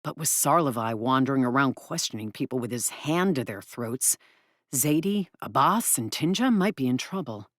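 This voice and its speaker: A woman reads an audiobook in a low voice that rises and falls a great deal. Her delivery is expressive and brisk, and the sound is dry and close with no room around it. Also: no room sound. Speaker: audiobook narrator. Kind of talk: first-person audiobook narration.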